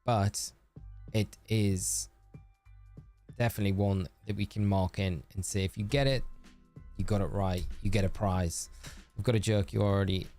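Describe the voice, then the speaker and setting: Man, streamer, low voice, chatty, reads out chat, faint music behind. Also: steady tone, normal speed, long pauses, a little mellow. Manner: chatty, reads viewer messages aloud and answers them. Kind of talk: live game-stream chat.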